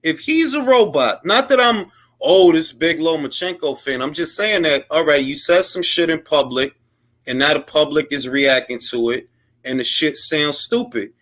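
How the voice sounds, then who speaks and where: A man's voice: on the high side, normal speed, fairly bright tone. A man giving blunt, heated boxing commentary on his own, in slangy casual speech, mocking others in put-on quotes. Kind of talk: opinionated solo commentary.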